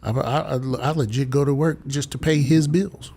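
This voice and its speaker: A man's voice: on the high side, steady tone, moderate pace, darkish tone, a little hiss or hum. A man, hosting a live stream and telling rambling comic stories, slipping into voices. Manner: rambling storyteller, slips in voices. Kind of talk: casual comedic chat on a live stream.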